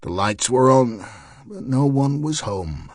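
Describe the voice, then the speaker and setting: A man reads a crime thriller audiobook with measured, wry storytelling. His voice is recorded dry and close, with an even middle pitch. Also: no echo. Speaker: audiobook narrator. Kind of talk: scripted narration.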